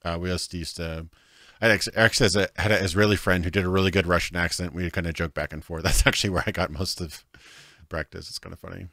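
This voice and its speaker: A man's voice: deep voice, fairly even intonation, fast talker, sharp tone, dry recording, studio quality. A man casually commenting as he streams a video game, rambling, laughing often and saying "like" a lot.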